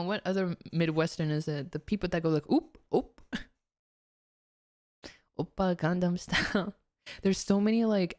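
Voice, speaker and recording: A woman's voice: deep voice, darkish tone, no echo, clean studio sound. A woman streamer giving casual watchalong commentary, giggling often and rambling with fillers and restarts. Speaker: VTuber streamer.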